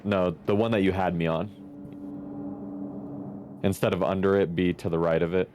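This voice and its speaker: A man's voice: low voice, fairly even intonation, moderate pace, background noise. A man playing a tabletop game, talking through rules in a matter-of-fact way. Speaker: player. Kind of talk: casual tabletop play.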